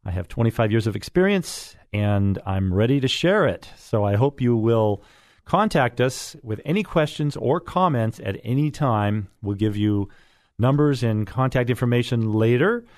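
A man's voice: mid-range voice, animated, normal speed, a little mellow, no echo. Middle-aged male radio host, folksy and chatty, mid voice, dry studio sound. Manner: folksy and chatty, with many fillers. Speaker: radio real estate show host. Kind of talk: casual radio talk show chat.

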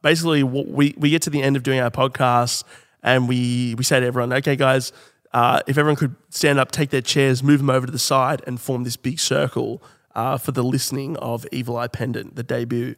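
A man, co-hosting a podcast and telling a long story in casual chat, laughing often and slipping into high girly voices for quotes. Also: level tone, a little fast, fairly bright tone, big-room sound. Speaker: podcast co-host.

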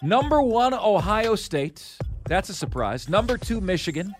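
An energetic man with a high voice hosts a sports talk radio countdown, addressing listeners as folks. Faint music runs underneath. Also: unhurried.

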